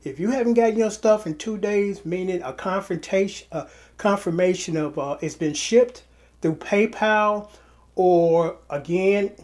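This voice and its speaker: A man's voice: high voice, measured pace, a little mellow. A tired man running his own channel, talking straight to his buyers in a rambling way, repeating and restarting his words. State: tired from little sleep. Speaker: online seller and channel host. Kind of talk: casual direct-to-camera vlog.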